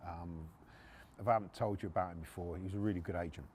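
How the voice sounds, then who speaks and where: Blunt sweary storyteller. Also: male voice, deep voice, fairly even intonation, quick pace, darkish tone, a little hiss or hum. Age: middle-aged. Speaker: podcast host, former repo man. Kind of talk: casual storytelling.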